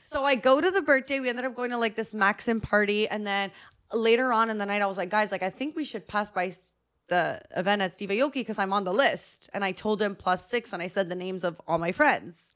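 A woman's voice: medium pitch, a little fast, a bit bright. A woman with a thick voice, co-hosting a podcast and telling a story in casual chat, acting out quotes and laughing often. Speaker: podcast co-host.

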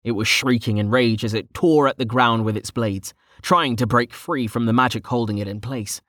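A man narrating a fantasy audiobook in steady storytelling. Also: mid-range voice, moderate pace, no room sound, studio quality.

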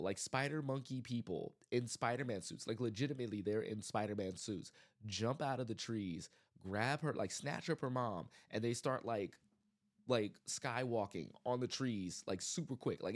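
A man hosting his own podcast, giving a casual, animated movie review full of exasperated rants and restarts. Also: mid-range voice. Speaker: podcast host.

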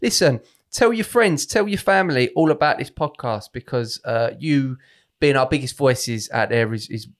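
A man with a mid-range voice wraps up his podcast episode. He sounds relaxed and matey, and he peppers his thanks and plugs with casual slang. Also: medium pitch, normal speed. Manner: laid-back, chummy, says "mate" and "man" a lot. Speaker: podcast host. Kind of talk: casual chat and show sign-off.

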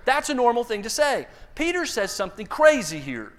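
A pastor with a notably high voice delivers a sermon. He tells the story with animation and humor, slipping into playful voices for the people in it. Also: big pitch swings, moderate pace.

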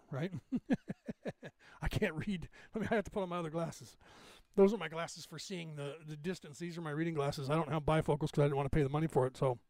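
A man's voice: a little high, a little mellow, dry recording. A man in his fifties hosting a podcast, rambling casually through anecdotes and laughing often. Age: 50s. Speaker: podcast host.

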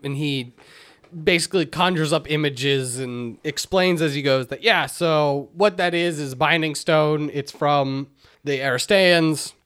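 A man's voice: on the high side, unhurried, smooth. A man co-hosting a podcast, casually and profanely retelling a video game's story. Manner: animated retelling, acting out lines; profane, laughing. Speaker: podcast co-host. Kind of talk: casual podcast chat recapping a game.

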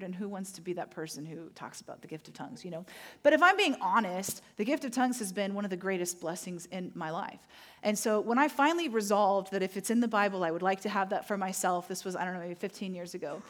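A middle-aged woman pastor preaching a sermon, telling personal stories in a candid, self-deprecating way with playful asides. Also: medium pitch.

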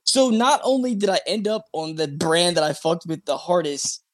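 A man with a fairly high voice tells a story as a podcast guest. He talks loose and animated, swearing freely and playing out each person's lines. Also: moderate pace, no room sound, clean studio sound. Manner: animated, swears freely, acts out quoted talk. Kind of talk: casual storytelling.

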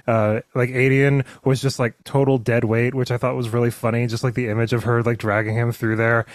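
A man talking through a book with a friend in a loose, rambling way, full of fillers, restarts and quick acted-out impressions. His voice sits at an ordinary pitch and sounds close and dry, with no room around it. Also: little pitch movement, dry recording. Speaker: podcast co-host. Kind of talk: casual book discussion.

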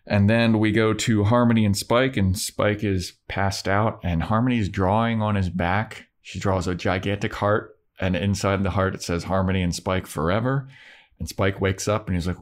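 A man co-hosting a casual podcast, retelling a TV episode with crude jokes and quick voices for the characters. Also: on the low side, steady tone. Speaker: podcast co-host recapping a TV episode. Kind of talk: casual chat.

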